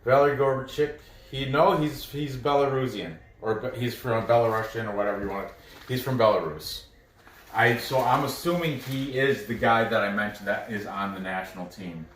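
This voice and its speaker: A man's voice: medium pitch, normal speed, fairly bright tone. A man casually breaking down soccer matches for bettors, thinking aloud and stumbling over names. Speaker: sports betting analyst. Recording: roomy, mic at a distance.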